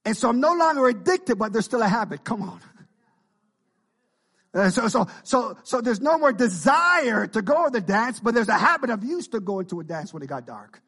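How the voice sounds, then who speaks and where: A man preaching a sermon as pastor, animated, with frequent call-and-response asides to the congregation. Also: high-pitched, normal speed, slightly rough.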